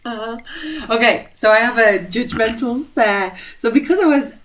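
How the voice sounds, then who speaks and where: A young English woman co-hosting a podcast, telling a story in a casual, animated way, laughing often and acting out what others said. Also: on the high side, normal speed. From England. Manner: animated, laughs often, acts out quoted voices. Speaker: podcast co-host.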